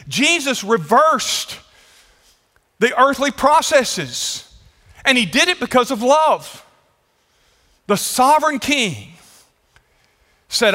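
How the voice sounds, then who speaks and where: A man's voice: very high-pitched, sing-song, slow, long pauses, pushed and bright. A man preaching a sermon as pastor, emphatic, stretching out phrases and putting questions to his congregation. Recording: echoey hall.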